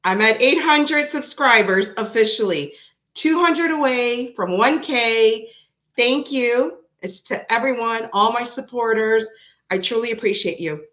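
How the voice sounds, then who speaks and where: A woman's voice: fairly high pitch, sharp tone. A woman hosting a tarot live stream, chatting casually and greeting viewers one by one by name.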